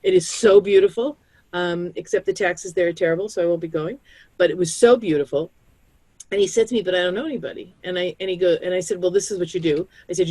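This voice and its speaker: A woman's voice: lowish voice, dark tone, husky, no room sound. Chatty woman giving pet-care advice. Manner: chatty, acts out quoted voices. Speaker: pet disaster-planning speaker. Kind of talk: community video call, storytelling advice.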